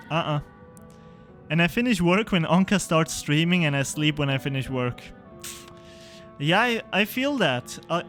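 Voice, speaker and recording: Chatty young man, unhurried. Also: a little high, fairly bright tone. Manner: chatty, laughs often, answers chat. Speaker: streamer. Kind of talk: live game-stream commentary.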